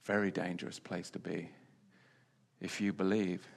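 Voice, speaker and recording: A man preaching a sermon, repeating key phrases and swinging between loud declarations and quiet asides. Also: deep voice, flat delivery, normal speed, creaky.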